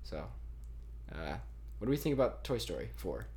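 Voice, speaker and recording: A man's voice: fairly low pitch, very animated, moderate pace, warm tone, a little hiss or hum. A young man hosting a casual podcast chat, rambling and trailing off, laughing often. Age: young adult. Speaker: podcast host.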